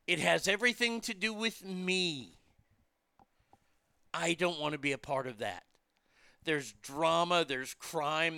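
A man's voice: a little high, sharp tone, clean tone, no room sound, studio quality. A man hosting a podcast, delivering a blunt, profane, exasperated opinion rant. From United States.

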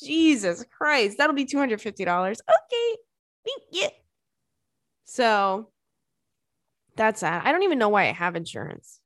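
A woman's voice: medium pitch, very animated, fairly quick, few pauses, fairly bright tone, no echo, clean studio sound. A young adult woman hosting a podcast, telling candid stories in a chatty, oversharing way with swearing and laughter. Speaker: podcast host. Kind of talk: casual chat.

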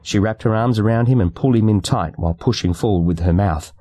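A man narrating a novel excerpt in a measured, even storytelling manner. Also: on the low side, no room sound. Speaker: audiobook narrator. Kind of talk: scripted narration.

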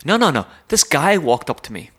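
A man's voice: a little high, very animated, fairly quick, a bit bright, slightly rough. A man co-hosting a podcast, telling a self-deprecating story in casual chat. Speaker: podcast co-host.

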